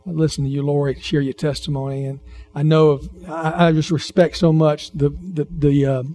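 Warm, mellow-voiced man preaching. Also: fairly high pitch, flat delivery, normal speed. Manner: conversational, repeats phrases and questions the congregation. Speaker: pastor. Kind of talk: sermon.

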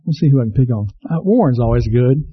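This pastor talks fast, with lively intonation and a slightly rough voice, in an earnest sermon full of repetition and questions to the congregation. The low-fi recording is slightly dull.

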